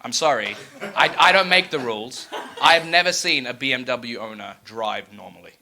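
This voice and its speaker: A man's voice: medium pitch, expressive, moderate pace, pushed and bright. A man on a live comedy podcast, airing his grievances in a mock-defiant way. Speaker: comedy panel guest.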